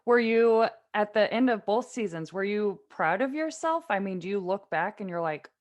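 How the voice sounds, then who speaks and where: A woman hosting a podcast interview, friendly and quick to laugh, asking long questions in a casual way. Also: mid-range voice, lively intonation. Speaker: podcast host.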